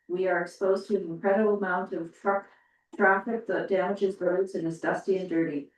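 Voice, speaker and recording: A woman on a council reading a resident's letter aloud in a steady, formal way. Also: medium pitch. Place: council meeting room. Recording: echoey room from a distance.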